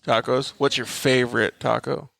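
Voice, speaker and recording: Male host, mid pitch, playful and teasing, dry close mic. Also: little pitch movement, creaky, fairly bright tone, no echo. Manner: playful, teasing, quick reactions. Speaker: podcast host. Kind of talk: casual rapid-fire interview questions.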